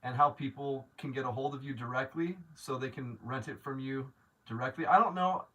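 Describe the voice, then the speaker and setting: A man's voice: medium pitch, fairly quick, bright, forceful tone, distant mic. Rambling man on a live stream. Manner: rambling, restarts, grows emotional and grateful. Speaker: livestream host. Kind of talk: casual live-stream chat reading viewer comments.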